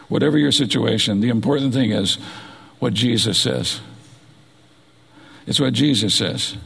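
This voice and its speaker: Gravelly middle-aged preacher in a reverberant hall. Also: male voice, lowish voice. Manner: animated preaching, dramatic retelling of scripture. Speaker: pastor. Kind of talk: sermon. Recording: long reverb of a large hall.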